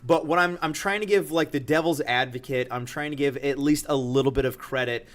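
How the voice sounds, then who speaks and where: A man co-hosting a casual podcast, animated and profane, laughing often and talking with lots of filler words. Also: mid-range voice, a little fast. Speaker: podcast co-host.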